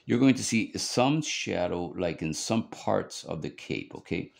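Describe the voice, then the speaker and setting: Brief: deep, gravelly male art instructor, loose and chatty. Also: animated, unhurried. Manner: rambling, chatty, lots of fillers. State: hiccups. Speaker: drawing instructor. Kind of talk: casual drawing tutorial.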